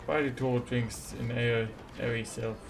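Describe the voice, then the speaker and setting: A man reading lines for a goblin craftsman in halting, broken speech, mostly in his own voice. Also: medium pitch, creaky, background noise. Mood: earnest. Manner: halting pidgin phrasing, read flatly. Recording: game music behind.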